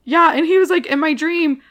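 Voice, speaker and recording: A woman's voice: high voice, normal speed. A young woman co-hosting a podcast, chatting casually and acting out the people in her stories, laughing often. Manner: animated storyteller, acts out quotes, laughs often. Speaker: podcast co-host. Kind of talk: casual chat.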